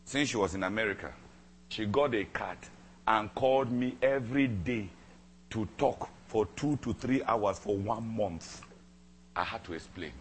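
A man preaching a sermon, telling a personal story with dramatic repetition and emphatic swings between loud and soft. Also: fairly low pitch, unhurried, a little hiss or hum. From Cameroon. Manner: dramatic, repeats phrases for emphasis.

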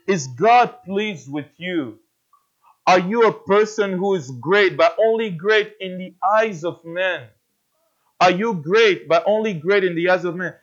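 Earnest preacher man, muffled sound. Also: high-pitched. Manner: earnest, asks the congregation repeated questions. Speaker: pastor. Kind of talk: sermon.

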